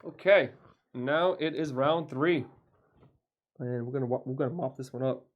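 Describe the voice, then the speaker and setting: A man's voice: medium pitch, normal speed, muffled recording. A man playing a tabletop board game, counting dice aloud and coaching his partner through the rules in casual chat.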